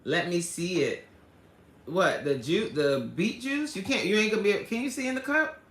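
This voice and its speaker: A woman hosts a casual livestream, chatting and reading viewer comments aloud while laughing a lot. Her mid-range voice moves at a normal speed, and the room is echoey.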